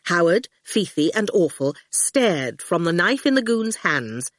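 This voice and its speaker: Expressive woman reading a story. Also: fairly low pitch, measured pace, no room sound, clean studio sound. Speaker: audiobook narrator. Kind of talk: scripted audiobook narration.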